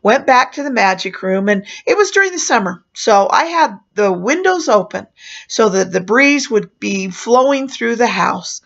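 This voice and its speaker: Gravelly woman telling a clown memoir. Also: fairly high pitch, expressive, normal speed. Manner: chatty, with fillers and small laughs. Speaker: storyteller, former clown performer. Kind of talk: casual spoken memoir. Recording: muffled lo-fi recording.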